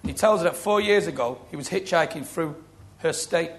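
A middle-aged man preaching a sermon, telling stories with lively quoted voices. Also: a little high, fairly quick. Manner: storytelling, animated, acting out quoted voices. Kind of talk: sermon with testimony.

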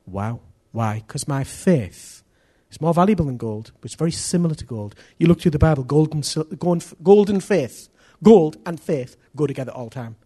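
A middle-aged preacher delivers a sermon with a somewhat high, husky voice. He talks animatedly, acting out other people's voices and dropping from loud to hushed. His delivery swings between urgent and quiet. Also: animated, normal speed, hardly any pauses.

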